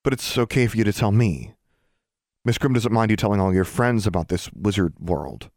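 A man voicing a scared, angry eleven-year-old boy in an audiobook, straining high when he shouts. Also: normal speed, no echo, studio quality, lightly acted. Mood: doubtful.

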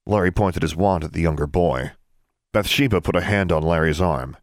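Deep voiced guy reading a fantasy book, expressive, dry close mic. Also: brisk, dry recording. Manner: expressive storytelling. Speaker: audiobook narrator. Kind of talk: reading fantasy fiction aloud.

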